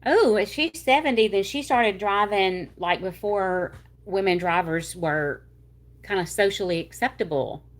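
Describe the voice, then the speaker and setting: A woman from Louisiana with a North Louisiana Southern accent, hosting a livestream and chatting casually with viewers in a rambling way. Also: mid-range voice. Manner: chatty, rambling, with y'all and drawn-out words. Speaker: livestream host. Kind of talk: casual chat reading viewer comments.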